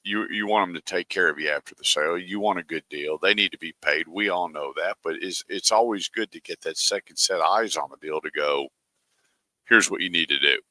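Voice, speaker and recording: A deep-voiced man hosts a car radio show, spinning folksy stories and voicing callers' lines. His voice is bright and forward, recorded dry and close in a studio. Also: fairly quick, dry recording. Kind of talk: casual radio talk with ad reads.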